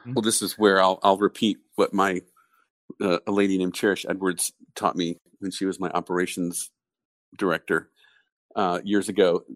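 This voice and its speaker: Male podcast co-host, very low voice, dry close sound, explains through stories. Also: level tone, moderate pace, no echo. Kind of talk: casual business discussion.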